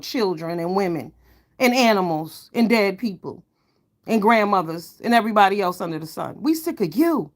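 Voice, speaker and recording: A woman's voice: lively intonation, moderate pace. Blunt, heated woman ranting on camera. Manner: emphatic, swings between low mutters and loud outbursts. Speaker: online commentator. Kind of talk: ranting commentary vlog.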